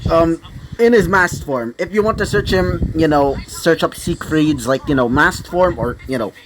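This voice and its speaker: A man's voice: on the high side, normal speed, background noise. A man narrating an improvised fan-fiction story, rambling with many fillers.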